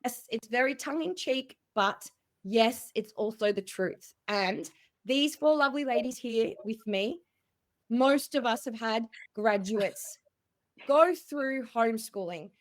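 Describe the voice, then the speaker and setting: A woman hosts a video-call panel discussion with an upbeat, effusive manner. Her voice is fairly high. She keeps the conversation moving warmly. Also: slow. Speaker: host.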